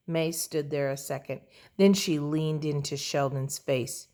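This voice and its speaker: A woman reading a children's storybook aloud with expressive, playful narration. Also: deep voice, measured pace. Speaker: audiobook reader.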